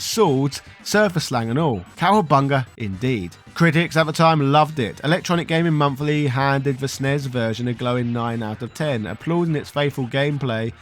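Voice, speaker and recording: Playful man narrating a game documentary. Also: a little high. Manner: playful, punchy delivery with wry asides.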